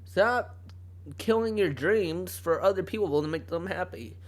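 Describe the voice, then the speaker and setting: A man's voice: high-pitched, normal speed. A young man hosting a solo podcast, talking casually in a rambling way, often cutting himself off and laughing. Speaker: podcast host. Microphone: home podcast mic.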